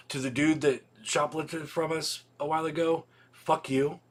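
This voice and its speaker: A man chats casually on a livestream. He rambles and restarts, swears often, and fills his pauses with ums. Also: fairly high pitch. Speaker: video store owner hosting a weekly livestream.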